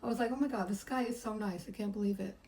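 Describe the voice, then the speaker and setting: A woman's voice: medium pitch, steady tone, quick pace, dark tone, low-quality recording. A middle-aged woman, a massage therapist, chattily telling a personal story and acting out the voices she quotes. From United States.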